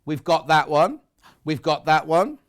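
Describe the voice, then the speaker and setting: A man's voice: a little high, lively intonation, measured pace. A British man presenting live on a shopping channel, chatty and gushing as he shows off fabrics. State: out of breath. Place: TV studio.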